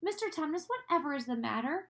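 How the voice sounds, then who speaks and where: A woman voicing a kind, earnest young girl who pleads in a high, rising voice. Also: big pitch swings, quick pace. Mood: alarmed.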